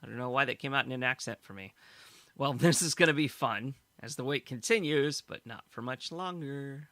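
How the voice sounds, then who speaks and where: A man's voice: mid-range voice, normal speed, pushed and bright, dry recording. A man co-hosting a casual fan podcast, summarizing news stories and laughing easily. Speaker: podcast co-host.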